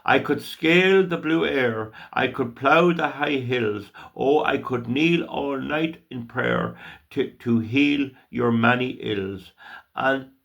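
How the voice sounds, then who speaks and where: An older man from Ireland reciting a poem with slow, emotional, declaiming delivery. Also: mid-range voice, vocal fry, a bit bright. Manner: slow, emotional, declaiming with long drawn-out phrases. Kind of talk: dramatic poetry recitation.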